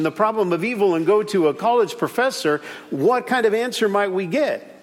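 A man preaching a sermon as pastor, animated, repeating key phrases and acting out little stories. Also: high-pitched, big-room sound.

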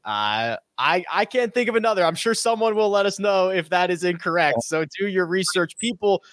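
A man with a high, light voice hosts a sports podcast in a brisk, upbeat way. The sound is close and dry, with no room around him. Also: lively intonation, fairly bright tone, no echo. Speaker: podcast host. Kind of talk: casual golf podcast chat.

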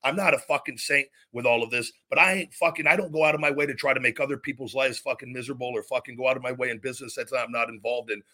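A podcast host with a mid-range, sharp-toned voice rants furiously at a rapid-fire pace with few pauses and fairly even intonation. He swears heavily and keeps repeating phrases throughout the heated, profane tirade.

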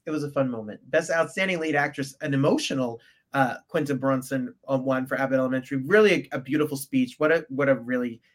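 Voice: medium pitch, fast talker. Podcast co-host reading award results. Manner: reads from notes with fillers and stumbles.

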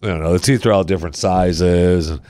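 A man's voice: low-pitched, steady tone, fairly quick, dark tone, dry recording, clean studio sound. A man hosting a casual chat, telling a story in a wry way and acting out the people in it.

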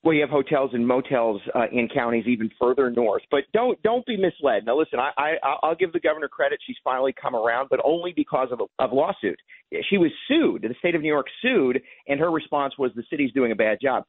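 A man's voice: medium pitch, expressive, dry recording. A man calling in to a radio show as a congressman guest, making emphatic points. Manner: emphatic, talking points delivered quickly. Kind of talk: political interview on call-in radio. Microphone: telephone. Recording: tinny phone line.

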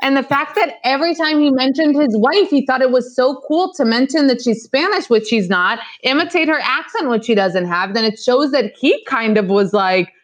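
A woman's voice: high-pitched, normal speed, few pauses. Chatty young woman gossiping with fillers. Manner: chatty, animated, lots of fillers and mock impressions. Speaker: podcast co-host. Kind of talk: casual gossip chat.

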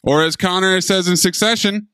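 A man's voice: high voice, moderate pace, pushed and bright, smooth, dry recording, studio quality. A man co-hosting a podcast, chatting wryly and laughing often about an episode. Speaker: podcast co-host. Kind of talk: casual chat recapping an episode.

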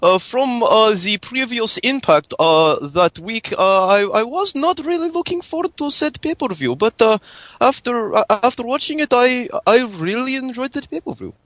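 A man faking a halting Russian caller. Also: very high voice, animated, a bit bright, no echo, voice pushed up. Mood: earnest. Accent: put-on Russian accent. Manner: halting, drops articles, many "uh"s. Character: fake Russian male caller, boastful and earnest.

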